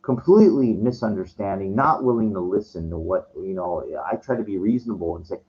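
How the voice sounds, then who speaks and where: Low voiced guy ranting, cursing a lot, keeps restarting, kinda muffled lo-fi audio. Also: expressive, fairly quick. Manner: profane, agitated, stumbling restarts. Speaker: vlogger. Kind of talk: casual storytelling rant. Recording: dull lo-fi recording.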